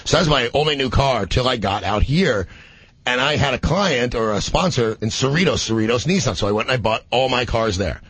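A man chatting casually, telling a quick, dry story and putting in short agreeing remarks. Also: medium pitch, expressive, a bit bright, husky, no room sound. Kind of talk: casual chat.

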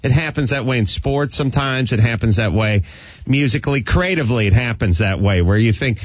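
A man's voice: medium pitch, a little fast, dry recording. A man hosting a talk radio show, joking and rambling in casual chat. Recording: dry, slightly muffled radio sound.

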